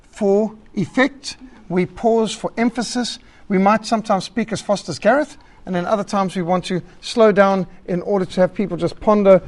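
A man teaching a church group about public speaking, emphatic and lively, listing his points and acting out rambling callers. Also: high-pitched. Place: meeting hall.

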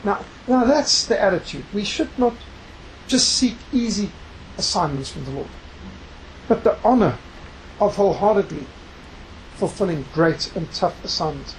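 A preacher and missionary giving a sermon, reading scripture aloud and slowing down to stress key words. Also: medium pitch, expressive, slight background noise, low-quality recording. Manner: reads scripture aloud within the talk.

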